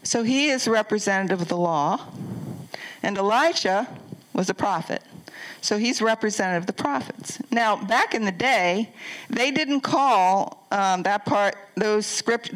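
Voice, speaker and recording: A woman's voice: mid-range voice, low-quality recording. An older woman pastor preaching a conversational sermon, asking the congregation questions as she goes.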